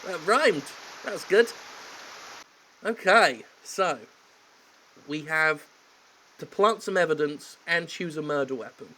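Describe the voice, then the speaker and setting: A man's voice: fairly high pitch, animated, slow pace, pauses often, pushed and bright, poor audio. A man giving sardonic, theatrical commentary over a game he is playing. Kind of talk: let's play commentary.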